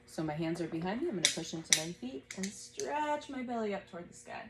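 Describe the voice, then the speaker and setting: A woman in her thirties teaching a gentle yoga class at home, guiding breaths patiently and encouragingly. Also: mid-range voice, big pitch swings, fast talker, heavy background noise.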